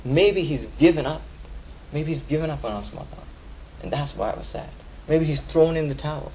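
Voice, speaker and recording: A young man giving a Friday sermon in casual slang, repeating lines for emphasis and swinging from loud urging to soft storytelling. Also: fairly high pitch, a little fast, slight background noise, rough recording. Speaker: khutbah speaker.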